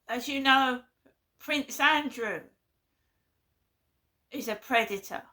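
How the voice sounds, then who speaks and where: A woman's voice: high-pitched, takes it slowly, bright, forceful tone. A woman giving a blunt, earnest vlog monologue, often repeating herself. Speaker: vlogger. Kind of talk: impassioned monologue.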